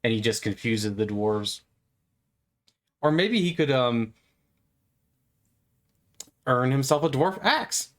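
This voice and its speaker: A man talks his way through a video game in a loose, playful ramble. He stammers and fills pauses with ums and likes, and his voice sits at an ordinary middle pitch. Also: lively intonation, a bit bright. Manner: playful, meandering, stammering, with frequent fillers. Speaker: gamer. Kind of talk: rambling gameplay commentary.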